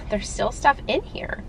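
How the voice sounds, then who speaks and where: A woman's voice: a little high, expressive, slow pace, vocal fry, noisy background. A woman in her twenties, a nurse practitioner talking casually to the camera, chatty and venting with lots of fillers. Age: 20s. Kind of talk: casual vlog chat.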